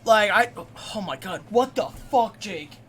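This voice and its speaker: A young man live-streaming, telling a story in a rambling, profane, excitable way at his desk mic. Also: sits high, measured pace, husky.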